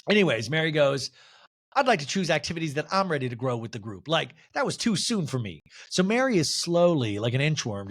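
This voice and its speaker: Animated high-voiced man recapping. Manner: animated, mimics cast members' voices. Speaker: podcast host. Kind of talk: solo recap, acting out quotes.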